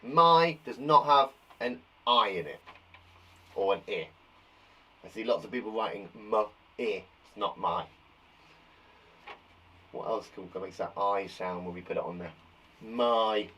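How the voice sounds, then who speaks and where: A male teacher giving a cheerful, encouraging live spelling lesson to young children from a garden shed, saying each word slowly and clearly. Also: lowish voice, sharp tone. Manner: cheerful, encouraging, slow and clear dictation of words. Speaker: primary school teacher.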